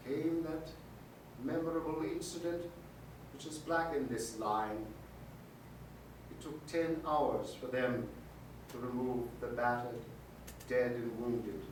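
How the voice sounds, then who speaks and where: A man voicing a troubled, haunted male railway signalman in a live storytelling performance, with a solemn, halting delivery. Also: a little high. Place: museum event space. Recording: echoey hall, mic far off, faint noise.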